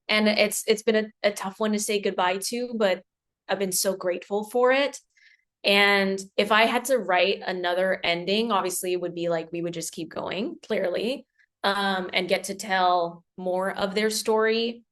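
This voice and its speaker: Young woman, emotional interview guest, halting, sighs between phrases. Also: medium pitch, steady tone, fairly bright tone.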